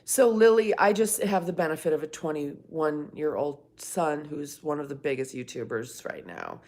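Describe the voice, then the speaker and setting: A woman's voice: low-pitched, animated, normal speed, darkish tone. A middle-aged woman hosting a casual livestream from home, chatting and rambling as she answers viewers by name. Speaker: livestream host. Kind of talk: casual live-stream chat, reading viewer comments.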